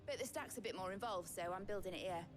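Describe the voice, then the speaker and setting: A woman with a Yorkshire accent voices a young ship engineer in a video game, eagerly explaining her invention. Her medium-pitched, natural voice moves at a quick pace, chatty and enthusiastic, while game music plays behind her.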